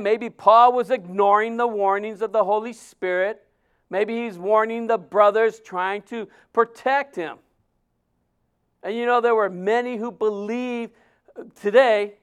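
A male pastor delivers a sermon in a conversational, emphatic way. His voice sits high for a man and sounds smooth and resonant. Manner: conversational, emphatic, acts out quotes.

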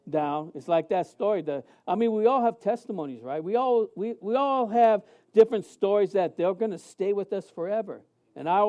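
A man in his fifties, a pastor, preaching a sermon in a conversational way, with many restarts and lively acted-out quotes. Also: sits high, muffled recording.

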